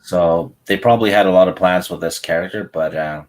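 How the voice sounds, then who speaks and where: A man's voice: low-pitched, brisk. A man co-hosting a casual chat, making dry, laid-back remarks.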